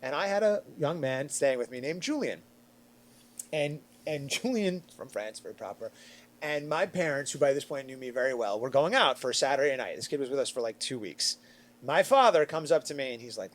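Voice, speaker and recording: A middle-aged man from Long Island, chatting on a podcast and telling a story with lively, acted-out quotes. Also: fairly quick. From Long Island, New York. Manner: animated, acts out quotes with big swings in pitch and loudness. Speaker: podcast panelist. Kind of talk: casual storytelling chat.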